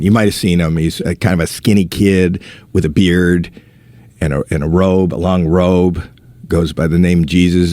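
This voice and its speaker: A man telling comedy stories as a guest, animated, swearing freely and acting out quotes. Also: deep voice, normal speed, dry recording. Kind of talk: casual storytelling.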